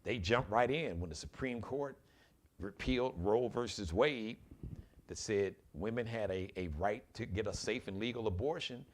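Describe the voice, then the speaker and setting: A man's voice: on the low side, moderate pace. A man hosting his own live commentary show, talking in an impassioned, preachy way and urging his listeners directly. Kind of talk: opinionated solo commentary.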